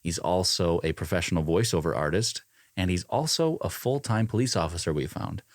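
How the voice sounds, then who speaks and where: A man with a very deep voice hosting a podcast, introducing segments briskly. He speaks in a clear announcing manner. The recording is dry and close, with no room echo. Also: expressive. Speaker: podcast host.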